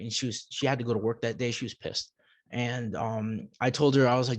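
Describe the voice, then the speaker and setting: Halting man telling a personal story. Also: mid-range voice, fairly even intonation, dry recording. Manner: halting, repeats words while searching for them. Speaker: podcast guest.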